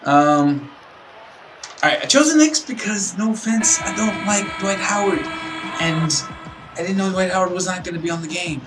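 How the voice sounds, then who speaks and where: A man's voice: high-pitched, animated, normal speed, far from the mic, music in the background, poor audio. A man giving casual let's-play commentary as a gaming YouTuber, rambling, apologetic and tired. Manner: rambling, chatty, apologetic, chuckles to himself. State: tired, yawning. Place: room at home with a window open.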